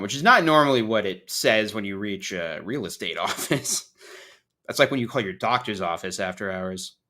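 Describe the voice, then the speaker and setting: A man's voice: on the low side, normal speed, sharp tone. A man hosting a podcast in casual chat, joking and swearing freely while mocking himself. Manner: joking, profane, self-mocking. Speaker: podcast host.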